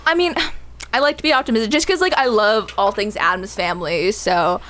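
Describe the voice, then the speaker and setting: A woman's voice: mid-range voice, brisk, fairly bright tone. A young woman chatting as a podcast guest, bubbly and giggly, often laughing at herself. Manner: giggly, bubbly, self-deprecating. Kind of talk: casual chat.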